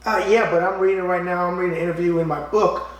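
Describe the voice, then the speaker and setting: A raspy-voiced man with a New York accent hosting a show, bantering in a brash wise-guy way. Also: high-pitched, steady tone, quick pace. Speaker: host. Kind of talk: casual call-in talk show.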